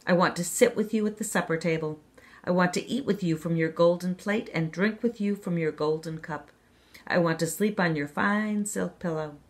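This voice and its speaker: A woman's voice: on the low side, normal speed, close to an everyday voice. Storybook frog, small and ugly, pleading and bargaining, put on by a woman reader. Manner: earnest, bargaining. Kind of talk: children's read-aloud.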